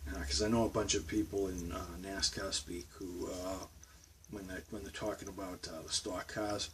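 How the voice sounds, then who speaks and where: A man in his twenties from Boston, with a Boston accent, talking casually on a vlog in a rambling, halting way full of fillers and restarts. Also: low voice, flat delivery. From Boston, Massachusetts. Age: 20s. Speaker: vlogger. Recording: distant mic with faint background noise.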